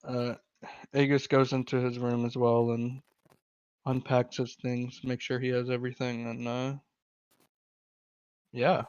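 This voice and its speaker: A man's voice: medium pitch, monotone, measured pace, long pauses, darkish tone, clean tone, muffled recording. A man narrating a tabletop game as game master, easygoing and full of fillers.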